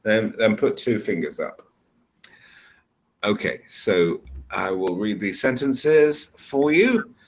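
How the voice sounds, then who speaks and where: A man's voice: on the low side, lively intonation, slow pace, low-quality recording. A man tutoring English one-on-one over a video call, explaining patiently with repeated examples. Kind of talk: one-on-one online English lesson.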